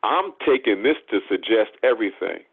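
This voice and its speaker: A man's voice: on the low side, lively intonation, a little fast, vocal fry, husky, no echo. A man preaching a sermon, emphatic and repeating phrases for stress. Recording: tinny phone-like sound.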